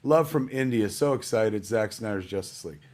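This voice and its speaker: A man's voice: fairly low pitch, normal speed, a little mellow. Rambling, jokey middle-aged man hosting. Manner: rambling, jokey, calls everyone "man" and "kids". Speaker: live-stream host. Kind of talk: casual live-stream hosting. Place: at home.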